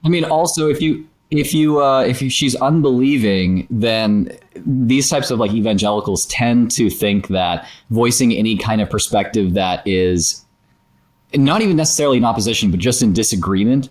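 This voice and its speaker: Halting, thoughtful man guest. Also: medium pitch. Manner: halting, repeats words while thinking. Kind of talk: casual chat.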